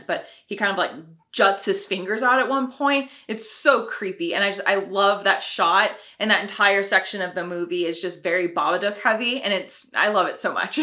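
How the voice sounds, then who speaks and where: Bright-voiced girl reviewing a horror movie, giggly, says like a lot. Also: medium pitch. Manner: gushing, filler-heavy with frequent giggles.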